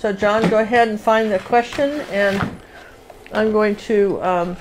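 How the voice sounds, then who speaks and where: A woman's voice: mid-range voice, fairly even intonation, measured pace, noisy background. A woman hosting a live painting lesson, chatty and rambling, humming little rhythms as she sketches. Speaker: painting instructor and show host.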